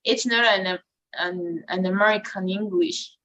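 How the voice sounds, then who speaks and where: A woman leads an online English class at an unhurried pace. Her speech halts and restarts often, full of fillers, and her voice sits at an ordinary middle pitch. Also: fairly even intonation, fairly bright tone, muffled recording. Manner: slow, hesitant, non-native English with many fillers. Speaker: English teacher.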